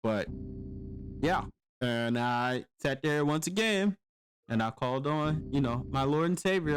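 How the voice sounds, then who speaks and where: A man in his thirties tells a rambling army story full of swearing. His voice sits at an ordinary pitch but jumps high when he acts out shouts and complaints. It is a loose, animated podcast delivery. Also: unhurried. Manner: profane, animated storytelling with quoted exclamations. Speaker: podcast host, army veteran. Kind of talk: casual storytelling.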